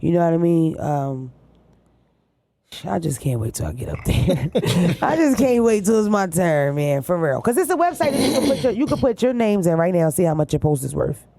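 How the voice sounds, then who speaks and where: Woman guest with a Delaware accent, gravelly and warm, blunt streetwise talk, casual podcast chat. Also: lowish voice, big pitch swings, normal speed, dry recording. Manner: blunt, profane, streetwise storytelling.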